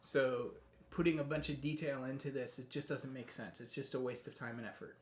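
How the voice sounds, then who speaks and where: A man teaching a live painting tutorial, relaxed and chatty, often thinking aloud as he works. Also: mid-range voice, fairly quick, echoey room. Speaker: painting instructor.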